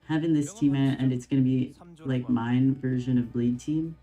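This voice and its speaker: A man's voice: mid-range voice, fairly even intonation, moderate pace, dark tone, soft background music. A man streaming a game, reading its dialogue aloud and adding laid-back, slangy commentary between the lines.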